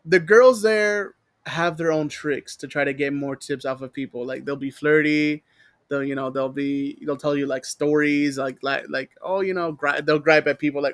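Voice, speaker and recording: A man's voice: a little high, fairly even intonation, moderate pace, no echo. A man with a Texan accent co-hosting a podcast, rambling and cursing as he tells stories and mimics people. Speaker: podcast co-host. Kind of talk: casual chat.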